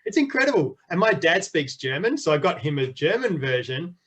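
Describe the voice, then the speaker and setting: A man's voice: on the high side, big pitch swings, brisk, a bit bright, slightly rough. A middle-aged man, a children's author, chatting enthusiastically in an interview with frequent restarts. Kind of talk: casual interview chat.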